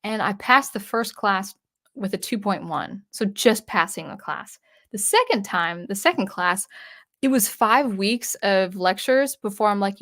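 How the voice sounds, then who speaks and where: Here the woman, a channel host and electronic music composer, has a medium pitch, lively intonation and a slightly bright tone, speaking a little slowly. Her casual personal anecdote is full of restarts and asides, and she performs recalled dialogue by shifting her tone.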